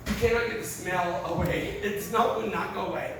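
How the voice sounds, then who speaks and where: A man with a high voice performs a stand-up set in a live venue, heard from far off through a very echoey, noisy room. He tells crude stories with plenty of swearing and acts out every line of dialogue. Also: normal speed. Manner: profane, animated storytelling with acted-out quotes. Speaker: comedian.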